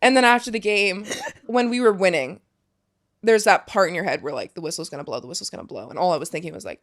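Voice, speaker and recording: A woman's voice: on the low side, animated, fast talker. A young woman, a podcast guest, recounting a personal story in a loose, casual way, with lots of "like" and frequent swearing, recorded in a studio. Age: young adult. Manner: casual, heavy use of filler "like", frequent swearing.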